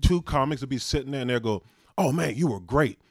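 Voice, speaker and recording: A man's voice: mid-range voice, expressive, fairly quick, no echo, clean studio sound. A man co-hosting a comedy podcast, chatting casually with lots of fillers. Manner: laid-back, many fillers and "you know". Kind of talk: casual chat.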